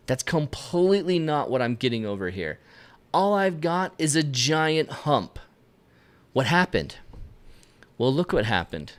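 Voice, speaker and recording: A man's voice: mid-range voice, measured pace, pauses often. Upbeat male host, mid-range voice, teaching viewers live at the camera. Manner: energetic, talks to viewers directly with self-directed asides. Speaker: photography instructor. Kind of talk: live-stream tutorial. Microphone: camera lens mic, at a desk facing the camera.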